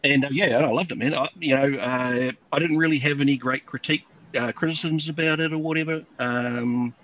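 A man's voice: mid-range voice, fairly even intonation, a little fast, a bit bright, muffled recording. A man with a New Zealand accent, chatting casually and swearing freely on a video call from home. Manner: laid-back, swears freely. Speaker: stream guest. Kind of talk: casual chat.

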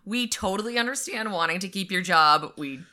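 A woman co-hosts a casual podcast chat, retelling a story and acting out quotes in silly voices. Her mid-range voice is sharp and expressive, and she talks fairly quickly.

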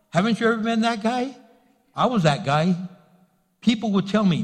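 High-pitched guy preaching, punchy delivery, big echoey hall. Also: lively intonation, normal speed, pauses often. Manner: preaching with rising emphasis and acted-out quotes. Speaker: pastor. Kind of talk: sermon. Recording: reverberant hall.

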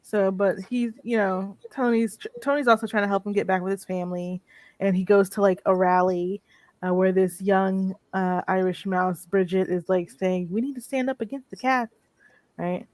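Animated woman retelling a movie plot. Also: mid-range voice, moderate pace, dry recording. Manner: animated storytelling with frequent laughter. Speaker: co-host of a movie review show. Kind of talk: casual chat.

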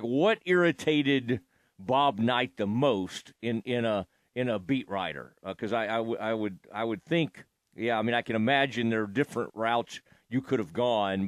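A man's voice: medium pitch, normal speed, dry recording. Brief: male sports host, conversational and reflective, close dry recording. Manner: reflective, thinks aloud while asking. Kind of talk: casual interview chat.

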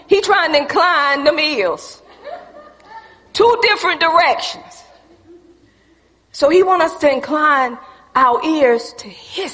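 A woman preacher delivering a sermon in a church, emphatic and folksy, swinging between loud preaching and a hushed near-whisper, calling the congregation y'all. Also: high voice. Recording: reverberant church hall.

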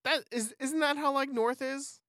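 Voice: high voice, steady tone, normal speed, a bit bright, no echo, studio quality. A podcast co-host in casual chat who laughs often and fills speech with "like.". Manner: laughs often, says "like" a lot.

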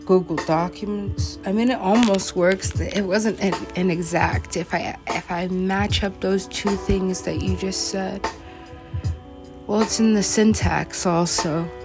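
A young woman freestyle rapping and rambling to herself, giggling often and chatting with the beat between rhymes. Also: fairly low pitch. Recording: beat playing loudly behind.

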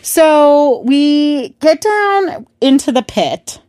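A woman co-hosting a podcast, telling stories in a chatty, animated way and swearing freely. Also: high voice, extremely slow, no room sound, clean studio sound. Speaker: podcast co-host. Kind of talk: casual storytelling chat.

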